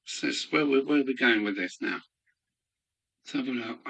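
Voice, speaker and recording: A man's voice: medium pitch, moderate pace, creaky, a bit bright. A man hosting a casual live stream from his hobby room, chatting and greeting viewers by name while snacking. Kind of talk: casual chat while eating.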